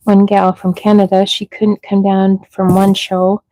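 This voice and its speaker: A woman's voice: mid-range voice, completely flat delivery, measured pace, dark tone, no echo, poor audio. A middle-aged woman breeding rabbits, chatting casually on a livestream and talking sweetly to the baby bunnies.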